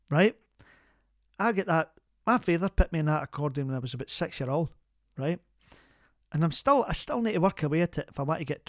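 A blunt uncle, as a man puts him on, who banters and chuckles while giving advice. His voice is raised, loud and pitched up, and it sounds dry and close. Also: dry recording. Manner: blunt, bantering, laughs a lot. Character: gruff older Scottish uncle, accordion player.

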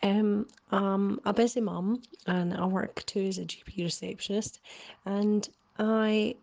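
A woman's voice: medium pitch, fairly even intonation, a little slow, vocal fry, a little mellow. A woman leaving a hesitant voicemail question to an advice show, with many ums. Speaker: caller.

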